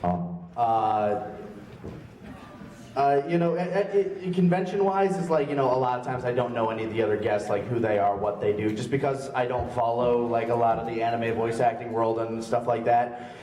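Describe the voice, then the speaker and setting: A man's voice: medium pitch, normal speed, warm tone, a little hiss or hum. Hesitant man at a panel. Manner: casual, hesitant, with fillers. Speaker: panel guest. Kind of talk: convention panel chat. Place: convention panel room. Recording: roomy, far from the mic.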